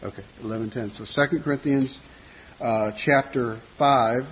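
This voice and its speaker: A man's voice: medium pitch, steady tone, moderate pace, highs cut off, a little hiss or hum. A man preaching a conversational sermon, with frequent fillers and restarts.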